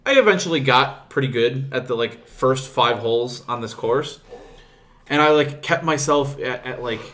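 A man's voice: mid-range voice, moderate pace, fairly bright tone. A young man co-hosting a podcast, chatting casually and complaining in rambling, restarting sentences. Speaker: podcast co-host. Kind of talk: casual chat.

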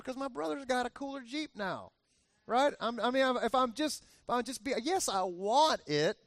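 High-voiced pastor preaching casually. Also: male voice, a bit bright, no room sound. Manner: conversational, repeats himself for emphasis, joking asides. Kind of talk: sermon.

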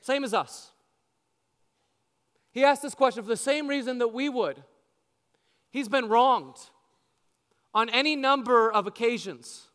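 A man's voice: very high voice, bright, forceful tone, clean tone. A man preaching a sermon as pastor, speaking emphatically and putting rhetorical questions to the congregation. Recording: long reverb of a large hall.

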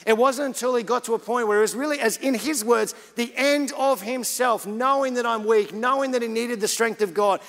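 A man delivers a sermon in a high, bright voice, telling a story in a relaxed, chatty way and then pressing his point with rising urgency. His words ring out with a long reverb, as in a church hall. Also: brisk, hardly any pauses. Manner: casual preaching, rising to urgent emphasis. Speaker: pastor.

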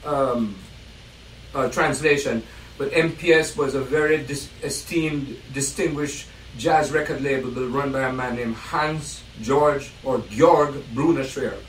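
A man's voice: mid-range voice, slight background noise. Older man telling jazz stories in a roomy space. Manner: animated, acts out voices in quotes, laughs often. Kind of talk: casual storytelling. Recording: roomy distant sound with faint ambience.

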